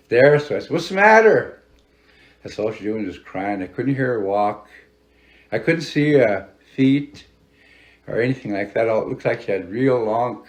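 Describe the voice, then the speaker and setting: Older male elder, low and gravelly, rambling oral storyteller. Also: darkish tone. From Fort Belknap, Montana, United States. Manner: unhurried, rambling, many "you know" fillers. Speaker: tribal elder.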